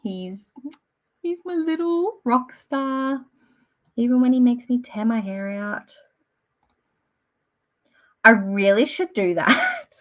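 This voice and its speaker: Aussie woman late 20s rambling on a book stream, super lively up-and-down voice, lots of likes and ums. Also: medium pitch. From Australia. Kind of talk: casual live-stream chat.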